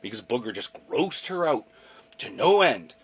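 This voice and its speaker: Husky, lively man in his forties. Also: mid-range voice, normal speed. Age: 40s. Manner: chatty, loose, swears casually. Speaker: storyteller. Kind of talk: casual storytelling.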